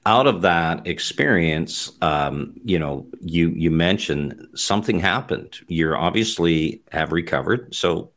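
A man interviewing a guest, soft-spoken and encouraging as he asks questions. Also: low voice, animated, a little slow, creaky, few pauses.

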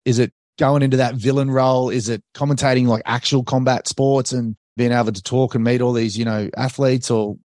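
A man's voice: medium pitch, fairly even intonation, a little fast, hardly any pauses, darkish tone, no room sound, clean studio sound. An Australian man in his forties hosting a podcast, talking in a friendly, matey way. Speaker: podcast host. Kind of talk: casual podcast chat.

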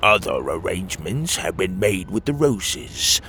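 A man's voice: low voice, big pitch swings, pushed and bright, slight background noise, heavily acted. A man voicing a sinister male toad warlord who speaks in a cold, commanding, snarling way, in a storybook reading. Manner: snarling, menacing, slow.

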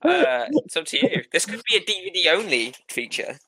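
A man co-hosting a podcast, talking excitably with exaggerated outrage and breaking into laughter. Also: high voice, fairly quick, vocal fry, breathy edge, dry recording. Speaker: podcast co-host. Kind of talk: improvised comedy sketch and casual chat.

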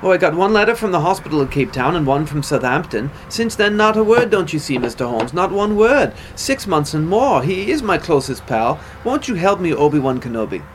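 A man's voice: on the high side, very animated, a little fast, hardly any pauses, slight background noise. A man voicing an earnest young ex-soldier in a hammy, mock-posh, old-fashioned way. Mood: earnest pleading.

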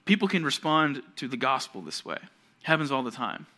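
A young adult man preaching a sermon to junior high students as their youth pastor, telling stories and acting out the voices of the people in them. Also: brisk. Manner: animated storytelling that acts out quoted voices.

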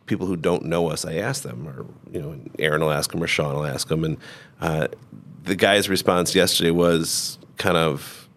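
A man's voice: extremely low pitch, moderate pace, a bit bright, a little hiss or hum. A man hosting a podcast, telling stories in easygoing casual chat with his co-host. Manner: easygoing, storytelling.

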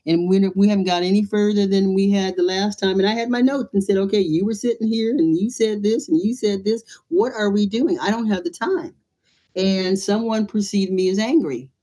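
A woman artist and playwright from the United States, telling a lively story in an interview, acting out voices and laughing often. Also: medium pitch.

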